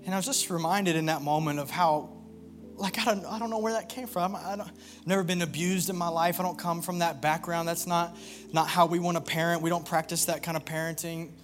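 A young man preaching and telling a personal story in an earnest, confessional way, often halting and restarting. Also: on the high side, fairly even intonation, faint music behind. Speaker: worship pastor.

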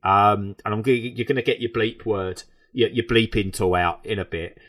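A man from England reviewing a TV show in casual, animated chat, rambling with frequent restarts. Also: lowish voice, moderate pace.

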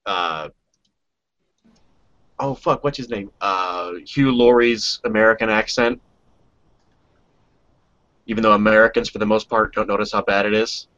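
A man's voice: lowish voice, fairly bright tone. A man co-hosting a casual wrestling chat, rambling and swearing freely. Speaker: podcast co-host. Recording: dull lo-fi audio.

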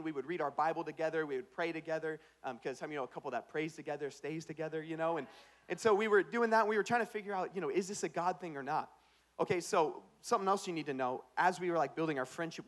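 Speaking at a quick pace, this young man delivers his sermon like a self-deprecating comedy bit, his voice slightly high. He slips into cocky impressions for quotes and moves between quiet asides and big, bright punchlines.

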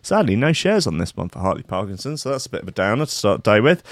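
A young man hosting a casual livestream, rambling and swearing with sudden loud outbursts. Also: fairly low pitch, very animated, fast, no room sound, studio quality. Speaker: livestream host. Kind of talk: casual profane livestream commentary.

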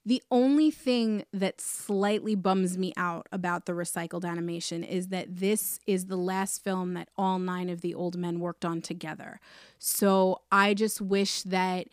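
A woman's voice: lowish voice, fairly even intonation, a little slow, clear, resonant tone, no room sound, clean studio sound. Frank woman co-hosting a podcast. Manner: frank, laughing reactions and mock protest. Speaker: podcast co-host. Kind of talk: casual podcast chat. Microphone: podcast microphone.

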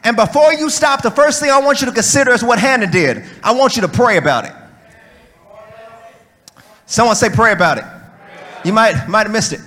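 A man preaching a sermon, leading call-and-response with long repeated refrains and rising to shouts. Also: extremely high pitch, lively intonation, a little fast, long pauses.

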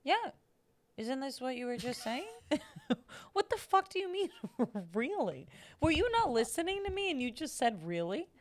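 A woman's voice: high-pitched, normal speed. A woman co-hosting a podcast in casual chat, telling stories with lots of laughter and swearing. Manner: animated storyteller who laughs and swears often. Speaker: podcast co-host.

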